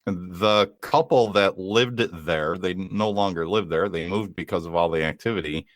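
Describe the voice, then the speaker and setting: A man with a fairly low voice co-hosts a podcast and explains things in a measured, casual way. The recording is dry and close. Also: no echo. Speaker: podcast co-host. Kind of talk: casual chat.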